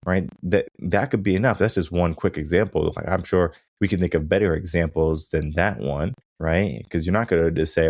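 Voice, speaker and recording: A man's voice: sits low, moderate pace, hardly any pauses, darkish tone, dry recording, studio quality. A man hosting his own coaching podcast, talking casually and often checking in with "right?". He livens up when acting out things he or others say. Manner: casual, conversational, frequent "right?" tag questions. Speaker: podcast host and mindset coach. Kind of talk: solo podcast monologue.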